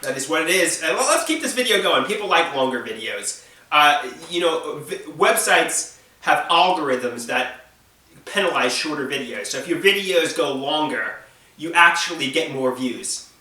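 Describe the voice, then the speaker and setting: A man's voice: a little high, expressive, moderate pace, sharp tone, echoey room, recorded from a distance. A man from Long Island with a New York accent, chatting casually as a video host, rambling and stumbling over repeated words. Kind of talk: casual chat.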